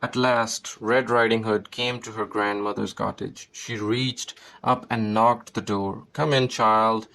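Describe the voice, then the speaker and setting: A man reading a children's fairy tale aloud in a steady storybook manner. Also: fairly low pitch, unhurried, hardly any pauses, slight background noise, low-quality recording. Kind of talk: scripted narration of a fairy tale.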